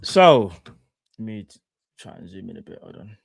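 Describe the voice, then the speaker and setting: A man's voice: on the low side, big pitch swings, normal speed, gravelly, dry recording. A man hosting a live football stream, reading an article aloud in a casual, stumbling way and apologizing for slips. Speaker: podcast host.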